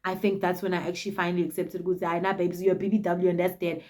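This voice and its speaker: A South African woman in her twenties, telling a casual storytime in an animated, dramatic and cheeky way. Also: fairly low pitch, quick pace. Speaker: vlogger.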